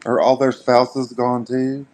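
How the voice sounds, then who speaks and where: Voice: medium pitch, flat delivery, slow pace, darkish tone, a little hiss or hum. A co-host in casual chat, reacting with short questions to a story.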